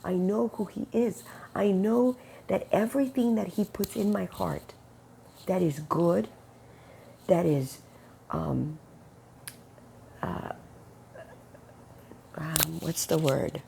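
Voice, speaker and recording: A woman shares a personal faith testimony in a low, darkish voice with a gravelly edge. She tells it like a chat, jumping up in pitch to act out what people said, then slowing to an earnest pace when she preaches. A faint hiss sits under the recording. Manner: animated storytelling, acting out quoted dialogue with quick pitch jumps. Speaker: Christian speaker sharing a testimony. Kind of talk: casual spoken testimony.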